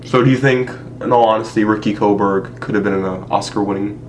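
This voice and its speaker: A man's voice: fairly low pitch, steady tone, a little fast, slight background noise. A man hosting a casual podcast, telling stories in a joking way with laughs. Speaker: podcast host. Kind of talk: casual chat.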